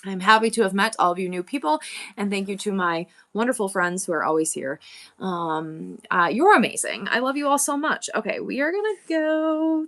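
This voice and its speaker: Woman host, live seller, bright forceful voice, chatty and effusive, talking from her shop. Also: medium pitch. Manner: chatty, effusive and grateful toward viewers. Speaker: livestream seller. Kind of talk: casual live-stream chat. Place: indoors in her shop, a former thrift store.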